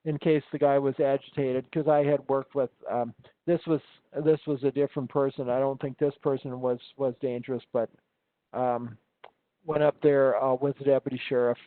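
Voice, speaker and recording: A man's voice: mid-range voice, steady tone, moderate pace, dry recording. A man, an instructor, telling stories in a casual conversation, rambling with many ums and restarts. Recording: tinny phone-like line.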